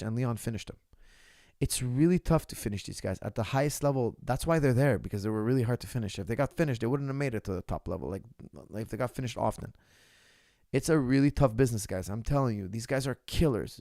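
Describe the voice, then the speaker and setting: Gravelly-voiced man coaching with emphasis. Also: medium pitch, fast talker, a little mellow, no echo, studio quality. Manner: emphatic, lecturing, mimics critics' questions. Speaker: martial arts coach. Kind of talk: casual Q&A monologue. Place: lives in Canada.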